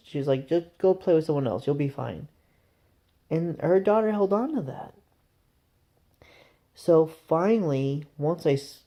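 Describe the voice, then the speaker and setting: A man's voice: fairly high pitch, warm tone. A man telling a rambling, conversational story to camera in a casual vlog. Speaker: vlogger.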